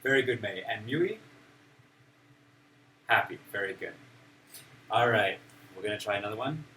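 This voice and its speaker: A man's voice: fairly low pitch, lively intonation, moderate pace, sharp tone. A male teacher leading a classroom of young children, playful and encouraging as he acts out emotions. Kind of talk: classroom teaching of simple English. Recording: distant mic with room noise.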